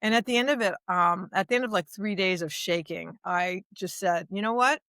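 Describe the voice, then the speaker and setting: A woman from the United States, a lawyer and advocate, answering interview questions in a lively storytelling way with many restarts. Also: fairly low pitch, normal speed, dry recording, studio quality. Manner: animated storyteller, acts out dialogue, many restarts. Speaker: guest, human rights advocate and lawyer.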